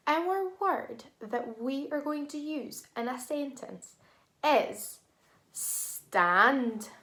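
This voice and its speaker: A woman teacher leading a phonics lesson for young children, sounding out words slowly and clearly. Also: fairly high pitch, fairly bright tone, echoey room. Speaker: primary school teacher.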